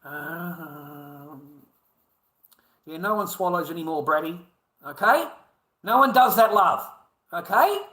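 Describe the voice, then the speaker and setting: A man's voice: a little high, lively intonation, slow pace, pauses often, sharp tone, roomy sound. An Australian man in a crude, profane, rambling livestream rant, swearing constantly.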